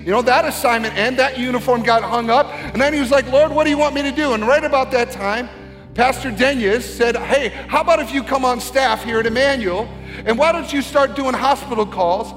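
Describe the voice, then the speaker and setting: A middle-aged man preaching a sermon as a pastor, earnest and building to a shouted exhortation. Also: very high voice, a little fast. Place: church sanctuary. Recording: long hall reverb with faint music.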